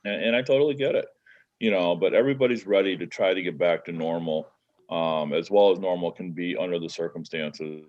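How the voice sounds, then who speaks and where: A Midwestern American man joins over a video call and talks in an earnest, grateful, halting way. His voice is very low. The call audio is dull and lo-fi. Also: a little mellow. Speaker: guest, networking group leader. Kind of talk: casual chat.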